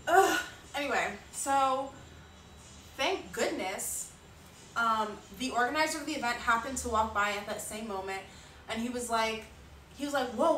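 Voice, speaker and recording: A woman's voice: on the high side, fairly bright tone. A woman streamer chatting through a story with lots of fillers and sighs. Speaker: artist and streamer. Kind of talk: casual storytelling on a livestream. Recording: roomy sound, mic at a distance, faint noise.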